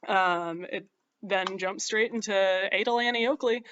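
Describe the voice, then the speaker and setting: A man's voice: high voice, steady tone, unhurried, pushed and bright, lo-fi sound, slight background noise. A man casually and sarcastically recapping a plot, chatty and irreverent, with lots of fillers. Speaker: comedic recapper.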